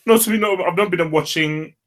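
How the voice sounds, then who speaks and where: Fast-talking insistent man on a podcast. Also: high voice. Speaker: podcast co-host. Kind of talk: casual football podcast chat.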